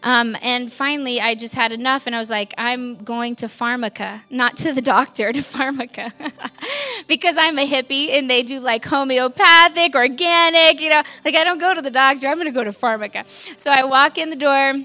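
A woman's voice: high voice, a little fast, sharp tone. A pastor's wife telling her story in a church testimony, candid and conversational, with lots of "like" fillers and little laughs at herself.

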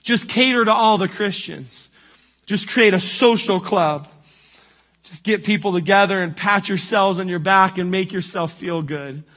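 A man's voice: high-pitched, unhurried, fairly bright tone. A man pastor preaching a sermon in a conversational way, often checking in with "right?" and restarting his sentences.

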